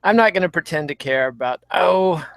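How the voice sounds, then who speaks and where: A man hosting a casual fight podcast, running through the card in a brisk, wry way. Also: a little high, lively intonation, gravelly, no room sound. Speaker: podcast host. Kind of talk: casual chat.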